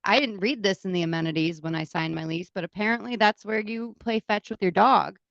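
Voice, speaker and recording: A woman co-hosting a podcast, telling animated, exasperated stories in casual chat and swearing freely. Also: mid-range voice, a little fast, gravelly, no echo, highs cut off. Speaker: podcast co-host.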